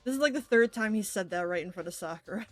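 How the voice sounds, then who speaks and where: A woman's voice: medium pitch, lively intonation, quick pace, dry recording. A woman from the United States streaming a game, joking, swearing and muttering to herself as she plays. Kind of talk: casual game stream chat.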